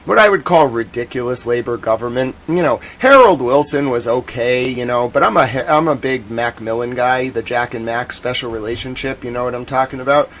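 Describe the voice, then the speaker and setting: A chatty American man rambles through his live-stream commentary in a voice of ordinary pitch. His talk is loose and full of slang, and now and then it flares into loud indignation. A faint hum sits behind him. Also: a little fast, few pauses. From United States.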